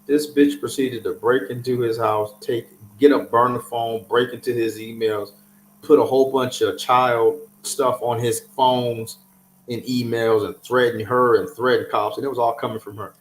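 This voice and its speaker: A man's voice: mid-range voice, fairly even intonation, moderate pace, echoey room, a little hiss or hum. A man hosting a casual chat, giving emphatic, profane advice. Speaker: host.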